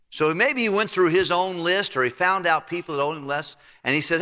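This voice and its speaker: A man's voice: fairly high pitch, animated, brisk, bright, forceful tone. A male pastor preaching a sermon, retelling a scripture story in folksy, plain storytelling. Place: church sanctuary. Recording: long church-hall reverb.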